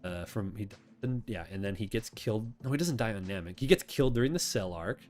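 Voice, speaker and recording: Male host, casual Q&A stream, low voice with lively swings, rambling and quick to laugh, faint music behind. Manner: chatty, rambling, self-correcting, laughs often. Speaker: channel host answering viewer questions. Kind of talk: casual live chat.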